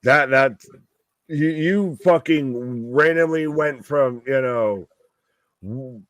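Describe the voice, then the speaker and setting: A man's voice: medium pitch, slow pace, dry recording, studio quality. Exasperated man swearing through live wrestling commentary. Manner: exasperated, swears heavily, trails off mid-sentence. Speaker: co-host of a live wrestling watch-along. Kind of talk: profane live commentary chat.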